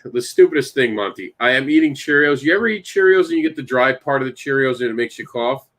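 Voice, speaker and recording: Animated storytelling man, mid-pitch voice. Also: fast. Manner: animated storyteller, talks to co-hosts by name. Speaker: podcast host and comic creator. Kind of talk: casual chat.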